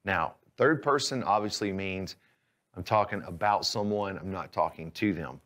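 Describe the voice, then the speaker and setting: A man teaching a language lesson, explaining patiently and clearly, step by step. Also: low-pitched, moderate pace, fairly bright tone. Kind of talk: instructional lesson.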